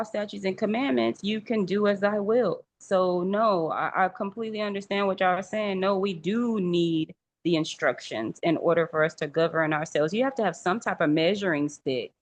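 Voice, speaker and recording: A woman talking casually in a religious discussion group, animated and acting out what other people say. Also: medium pitch. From rural area. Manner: animated, acts out quoted remarks.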